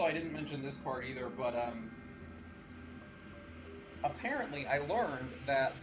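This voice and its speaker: A man casually commentating while streaming a visual novel, chatty and rambling with jokey complaints. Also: fairly high pitch. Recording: slightly muffled stream audio with faint game music.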